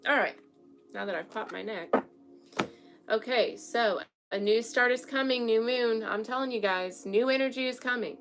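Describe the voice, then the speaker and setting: With faint music behind her, a young woman gives a chatty, frank tarot reading in a room at home that holds an altar. She keeps checking in with "okay?", her voice on the high side, a bit bright, at a moderate pace.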